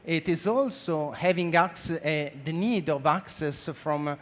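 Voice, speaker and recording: Italian-accented man with many fillers. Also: a little high. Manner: halting, many fillers and restarts. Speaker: conference speaker, marketing director. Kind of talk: conference presentation. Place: conference stage.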